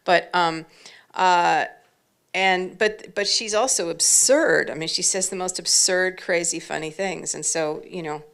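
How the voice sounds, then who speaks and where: A chatty woman telling stories as a panel guest, her voice low-pitched and gravelly with fry. Her tone is bright and forceful despite the low pitch. She talks casually and fills her sentences with "like.". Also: measured pace. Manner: chatty, with lots of fillers like "like". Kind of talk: casual anecdotal storytelling.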